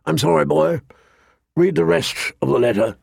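A man reading an audiobook, voicing a gruff, blunt old commander. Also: on the high side, moderate pace, darkish tone, no room sound, studio quality, heavily acted. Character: gruff old male commander, bald and bearded.

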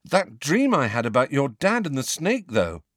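A man's voice: mid-range voice, very animated, moderate pace, fairly bright tone, no echo, clean studio sound, pitched above the performer's own voice. A man voicing a sullen, touchy teenage boy who answers stiffly and defensively.

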